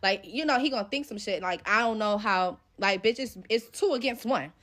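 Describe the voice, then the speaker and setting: A woman's voice: medium pitch, a little fast, a bit bright. A young woman telling a story from her own life in casual, profane slang, acting out the dialogue as she goes. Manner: profane, slangy, retells scenes with quoted dialogue.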